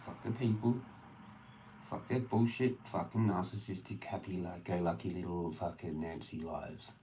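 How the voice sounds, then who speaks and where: A man ranting alone on a livestream, swearing constantly and swinging from low mumbling to loud shouting. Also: steady tone, normal speed, a little hiss or hum, poor audio. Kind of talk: rambling solo livestream rant.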